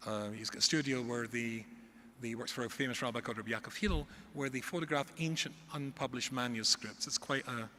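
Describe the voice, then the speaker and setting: A middle-aged Scottish rabbi with a medium-pitched voice tells stories to a live audience in a large hall, talking a little fast and exaggerating for comic effect. He is an animated storyteller, and the echoey hall recording carries faint ambience and slight background noise.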